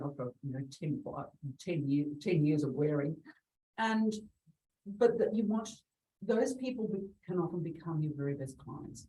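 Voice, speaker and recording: Middle-aged woman, lower-pitched voice, chatty interview guest, quick laughs, recorded from a distance. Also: animated, darkish tone, a little hiss or hum. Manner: chatty, laughs often, acts out quoted callers. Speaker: real estate agent guest. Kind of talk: conversational interview. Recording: distant from the mic.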